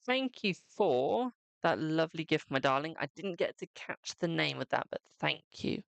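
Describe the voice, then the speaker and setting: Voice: medium pitch, very animated, moderate pace, vocal fry, fairly bright tone, no echo. A tarot reader hosting a live-stream card reading, chatty and fond with viewers. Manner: chatty, calls viewers "my darling".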